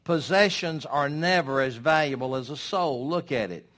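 An older man preaching a sermon in a folksy, emphatic way, with dramatic pauses. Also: a little high, fairly bright tone.

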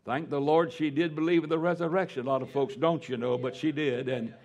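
Older pastor guy preaching hard, kinda high voice, goes quiet then big loud swells. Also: steady tone, fairly quick. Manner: fervent preaching with sudden rises in pitch and volume. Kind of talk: sermon.

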